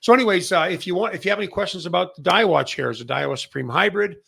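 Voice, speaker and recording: A middle-aged man from Canada talks through a casual industry update in a husky, deeply gravelly voice that sits a touch high for a man. He rambles along with plenty of fillers and restarts. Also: fast talker, fairly bright tone. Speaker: massage chair retailer and show host.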